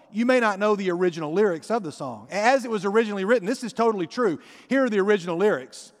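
A man's voice: high-pitched, very fast, hardly any pauses. A man preaching a sermon, telling a story in a conversational way and addressing the congregation directly. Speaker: pastor. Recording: long hall reverb.

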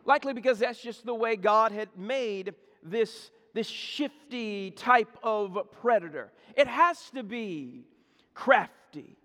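A man preaching a sermon, telling a folksy story with lots of repetition and humor. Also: high-pitched. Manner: folksy, animated storytelling, repeats words. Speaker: pastor. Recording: echoey hall.

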